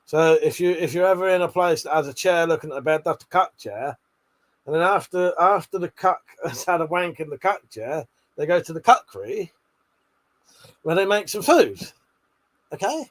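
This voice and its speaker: A man's voice: a little high, animated, normal speed. Sweary, jokey man chatting on stream. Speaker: livestream host reading chat. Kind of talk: casual late-night livestream chat.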